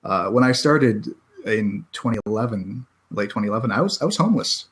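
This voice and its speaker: Chatty American man, halting and self-deprecating. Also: fairly low pitch, animated. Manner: halting, many restarts and self-deprecating laughs. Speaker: podcast guest, self-published author. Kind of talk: casual podcast chat.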